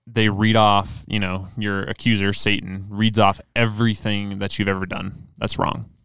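A man's voice: fairly low pitch, little pitch movement, normal speed, vocal fry, fairly bright tone, clear, resonant tone, dry recording. A man co-hosting a podcast, explaining religious ideas earnestly in casual chat with many fillers. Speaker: podcast co-host. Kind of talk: casual faith discussion.

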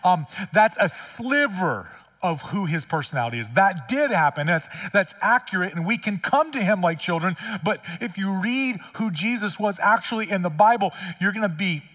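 A man's voice: high-pitched, lively intonation, normal speed, a bit bright, far from the mic. A middle-aged man preaching a sermon as pastor in a church, conversational and blunt, repeating lines for emphasis. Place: church sanctuary.

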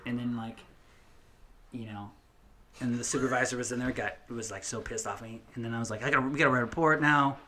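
Bright-voiced man rambling through a story. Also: medium pitch, steady tone, quick pace, a little hiss or hum. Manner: rambling, profane, many fillers and restarts. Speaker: podcast co-host telling a story. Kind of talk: casual storytelling chat.

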